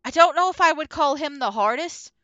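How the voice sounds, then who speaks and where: A woman streamer rambling through casual gameplay commentary in an excitable, laughing way, voiceover added after the stream. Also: high voice, brisk, no echo, lo-fi sound. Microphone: voiceover recorded after the stream.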